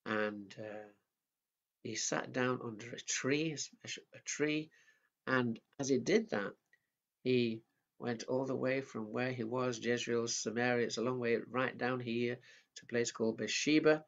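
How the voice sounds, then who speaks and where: A man preaching at a family service, telling a Bible story in a gentle, simple way. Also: mid-range voice, fairly even intonation, measured pace, vocal fry. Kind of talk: children's sermon storytelling. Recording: dull lo-fi sound.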